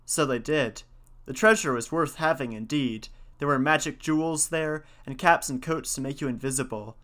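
A man's voice: mid-range voice, normal speed, a bit bright. A man narrating an old folk tale in a folksy, old-fashioned storybook manner.

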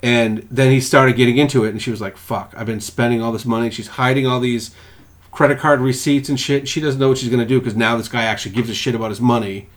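Talking at a quick pace with a mid-range voice, a young male podcast co-host keeps things casual. His storytelling is lively and profane, full of put-on voices for quoted lines.

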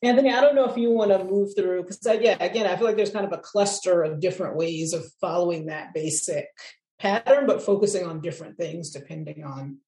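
A woman's voice: lowish voice, fairly quick, mellow, reverberant, rough recording. A woman helping lead an online class, talking reflectively and with enthusiasm. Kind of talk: casual class discussion.

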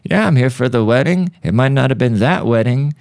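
A jovial older uncle who crashed a wedding buffet, talking in a breezy, boastful way, as a man puts him on. He sits a bit higher than a deep baseline voice, with a smooth tone. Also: lively intonation, fairly quick, darkish tone, no echo, clean studio sound.

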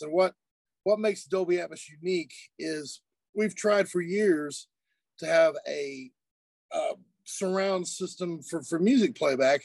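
Give me a man talking casually as an interview guest, easygoing, with a fairly high voice and a dry sound. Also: gravelly, no room sound. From United States. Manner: relaxed, chatty, laughs easily, many fillers and restarts. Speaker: guest music producer and mix engineer. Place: studio.

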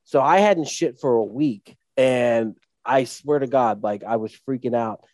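A man's voice: mid-range voice, a little slow, a little mellow, dry recording. A man in casual podcast chat, joking and profane, telling his own crude story. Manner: joking, profane, laughs often.

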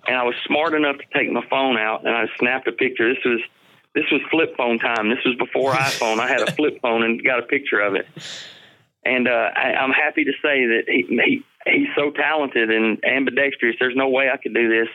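A man's voice: medium pitch, moderate pace. A middle-aged man, telling a rambling, laughing hunting story in a casual way. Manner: rambling, animated, laughs often, repeats himself. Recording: tinny phone-line sound.

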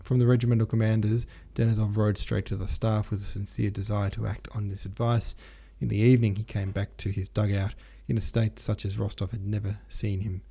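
Low, mellow male audiobook narrator. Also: little pitch movement, a little fast, creaky, few pauses, breathy edge. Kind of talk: audiobook reading of a classic novel.

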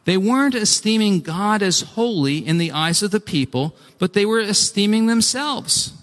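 A man preaching a sermon, animated and acting out pleas, with frequent restarts. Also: high-pitched, normal speed. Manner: animated, acts out pleading voices, restarts often. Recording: long hall reverb.

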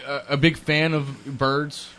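A man's voice: a little high, level tone, measured pace, bright, forceful tone. A man hosting a radio show, chatting casually in the studio, stumbling over his words and running a playful quiz. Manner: stammering, playful quizmaster.

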